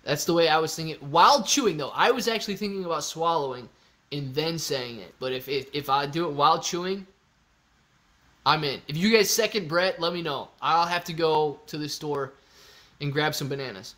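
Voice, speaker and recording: A man hosting a casual live stream, chatty and excitable, talking straight to his viewers. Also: fairly high pitch, moderate pace. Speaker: livestream host.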